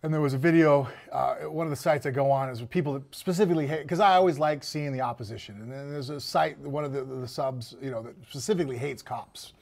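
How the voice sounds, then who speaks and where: A man's voice: medium pitch, quick pace, creaky, few pauses, darkish tone. A man in a casual talk-show conversation, talking heatedly and emphatically with plenty of profanity. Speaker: podcast guest. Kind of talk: casual chat.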